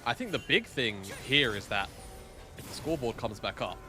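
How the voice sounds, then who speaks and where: A man's voice: mid-range voice, sing-song, moderate pace, over music. A man giving jokey, chatty color commentary on a live esports match.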